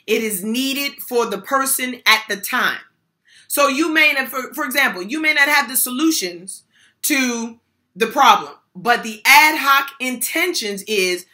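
A woman's voice: sits high, animated, measured pace, sharp tone. An older woman giving a motivational workshop talk on supporting people, speaking emphatically in a folksy way and repeating key phrases.

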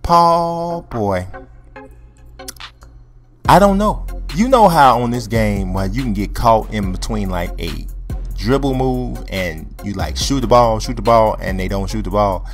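Male gamer commentator, very lively pitch, playful trash talk, faint music bed. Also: moderate pace. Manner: animated, joking, trash-talking the players. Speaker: gameplay commentator. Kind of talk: casual play-by-play commentary over a video game.

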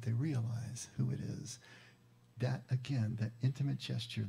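A man preaching an Easter sermon as pastor, telling the story in a conversational, emphatic way and slowing down on key words. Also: mid-range voice, vocal fry, dark tone.

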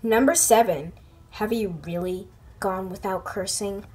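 A woman's voice: medium pitch, a little slow, darkish tone, breathy edge. A woman hosting and narrating toy skits, goofy and playful, slipping into silly voices. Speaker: host acting out toy skits.

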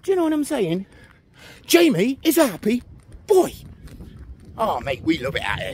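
A man's voice: extremely high pitch, huge pitch swings, normal speed, pauses often, slight background noise. A man chatting on a casual walk-and-talk vlog while out of breath, filmed outdoors on a phone as he walks along a village road. He keeps asking the viewer "you know what I mean". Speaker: vlogger.

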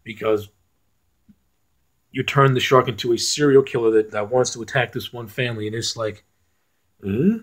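A man in the middle of a film review rant, his voice at an everyday mid pitch. He is blunt and profane and keeps breaking off to restart his sentences. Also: fairly even intonation, moderate pace.

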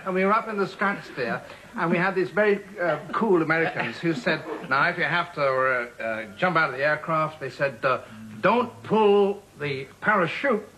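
A man's voice: on the high side, a little fast, bright, forceful tone. A man telling an anecdote on a talk show, hesitant and full of ums, mocking himself. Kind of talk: anecdote and banter. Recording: noisy broadcast recording.

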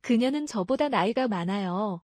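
A woman reading short lesson prompts in a crisp, matter-of-fact way. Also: mid-range voice, lively intonation, racing, darkish tone, no room sound. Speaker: Korean prompt reader.

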